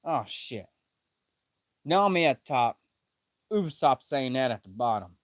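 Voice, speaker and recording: A man's voice: medium pitch, big pitch swings, takes it slowly, pauses often, dry recording, clean studio sound. A man live-streaming his reaction to a manga chapter, reading panels aloud, correcting himself and swearing casually.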